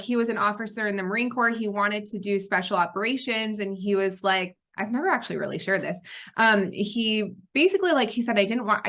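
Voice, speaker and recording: Bright-voiced woman in her thirties hosting. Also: medium pitch. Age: 30s. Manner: lively storyteller, laughs often. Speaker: podcast host. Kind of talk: casual chat.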